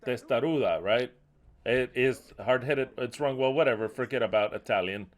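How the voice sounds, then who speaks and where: An angry preacher drives a fiery sermon. He swears freely and raises his voice to curse, speaking at a middle pitch in a plain, unremarkable tone. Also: moderate pace. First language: Spanish. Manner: fiery and profane, cursing loudly. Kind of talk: impassioned sermon.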